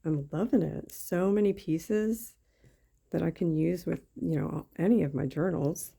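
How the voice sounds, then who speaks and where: A woman's voice: fairly low pitch, unhurried, vocal fry, mellow, slightly rough. A woman chatting casually as she crafts on camera, thinking aloud with lots of fillers. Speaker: craft YouTuber. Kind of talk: casual craft-along chat.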